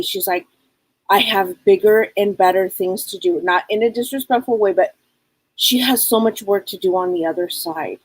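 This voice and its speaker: A woman psychic medium on a live show, passing on messages in a halting, repetitive way and speaking them in the first person. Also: medium pitch, a little mellow, no room sound, low-quality recording.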